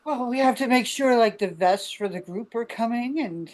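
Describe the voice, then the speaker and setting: A woman's voice: a little high, moderate pace, darkish tone. A woman from Arkansas hosting a casual group video call, chatty and laughing, talking with many fillers while sick with covid. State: ill with covid. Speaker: host.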